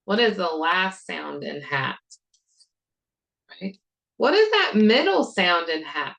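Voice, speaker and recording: A woman teacher walks through a phonics drill at an unhurried pace, sounding out each word with care. Her voice sits fairly low and carries a gravelly edge. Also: very animated, a bit bright, muffled recording. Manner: slow, deliberate modeling of sounds with repeated prompts. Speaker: reading intervention teacher. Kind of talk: modeling a phonics lesson for teachers.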